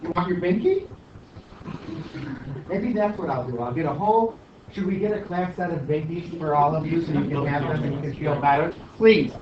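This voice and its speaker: A male math teacher giving his class an animated, teasing pep talk and review, recorded in a classroom. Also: on the high side, a little fast, recorded from a distance, noisy background. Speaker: high school math teacher. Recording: echoey dull classroom recording from afar.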